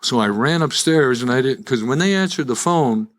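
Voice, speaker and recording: A man's voice: mid-range voice, lively intonation, normal speed. Older man telling his recovery story. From Chicago. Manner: humorous, self-deprecating storyteller with frequent restarts. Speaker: recovery meeting speaker. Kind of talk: live personal story talk to an audience. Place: live event before an audience.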